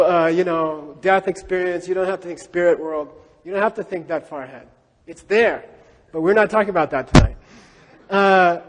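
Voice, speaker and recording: A man giving a Buddhist teaching, animated, with rhetorical questions and repeated phrases. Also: high-pitched, a little hiss or hum. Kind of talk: lecture on scripture. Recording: long hall reverb.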